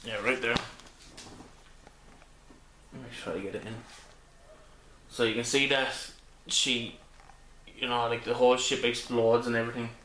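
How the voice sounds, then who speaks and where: A man's voice: medium pitch, little pitch movement, moderate pace, pauses often, bright, forceful tone, slight background noise. A man reviewing a comic book in a casual video, rambling with many ums and restarts. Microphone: camera mic. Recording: echoey room.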